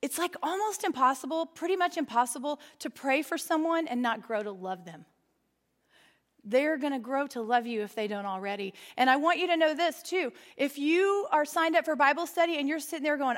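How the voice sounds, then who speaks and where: A woman's voice: high-pitched, lively intonation, normal speed. A middle-aged woman leading a women's Bible study, talking to the group in an enthusiastic, playful way. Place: church meeting room with an audience. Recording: long hall reverb.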